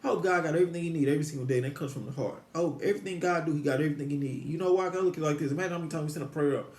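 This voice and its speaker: Fast-talking rambling man, echoey room. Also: fairly high pitch, a little mellow. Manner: meandering, repetitive, frequent restarts, rhetorical questions. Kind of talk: rambling religious musing to viewers.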